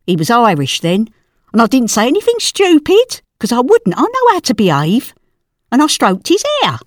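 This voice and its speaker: A woman's voice: a little high, wildly swooping pitch, moderate pace, no room sound, clean studio sound. A woman playing a nosy, celebrity-obsessed older mum, talking in a brassy, defensive way in a scripted comedy sketch. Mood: proud. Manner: brassy, defensive, casual slang. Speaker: comedy podcast character.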